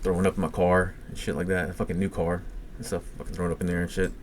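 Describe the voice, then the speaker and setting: Fast-talking deep Cajun man. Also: level tone, slight background noise. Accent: Cajun English. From Louisiana. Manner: profane, rambling personal storytelling. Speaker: podcast co-host. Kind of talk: casual podcast chat.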